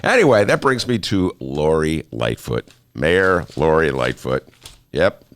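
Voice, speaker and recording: A man's voice: a bass voice, big pitch swings, measured pace. A man hosting a talk show in a studio, joking and self-mocking in a playful monologue. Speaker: host.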